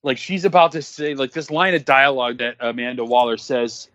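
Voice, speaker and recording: A man's voice: medium pitch, fairly even intonation, fairly quick, a bit bright, no echo. Blunt, cursing man in casual commentary. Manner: blunt, profane, rambling with fillers. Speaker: podcast co-host. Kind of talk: casual movie-watching commentary. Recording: dull, muffled recording.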